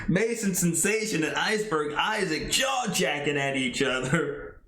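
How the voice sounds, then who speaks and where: Guy doing slow play-by-play for a tabletop wrestling game, kinda high voice, echoey room. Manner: excitable play-by-play with chuckles. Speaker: solo tabletop game player and narrator.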